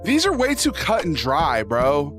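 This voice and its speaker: This man's voice is on the high side, with huge swings in pitch, yet his pace stays measured. He hosts a casual livestream, reading posts and reacting to chat with profane jokes while instrumental music plays under the talk.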